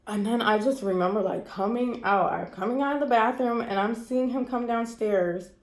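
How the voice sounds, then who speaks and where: A woman's voice: on the high side, moderate pace. Shaky, stressed woman in a roomy echo. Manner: candid, repetitive, swearing, emotional. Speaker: vlogger. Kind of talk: personal storytime vlog. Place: cold room indoors.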